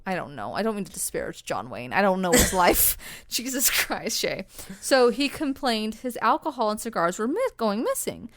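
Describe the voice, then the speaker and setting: A woman's voice: medium pitch, very animated, normal speed, slight background noise. Casual woman co-host: rambling, swears freely, breaks off into tangents mid-story. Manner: mock voices and tangents while telling ghost stories. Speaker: podcast co-host. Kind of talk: casual chat.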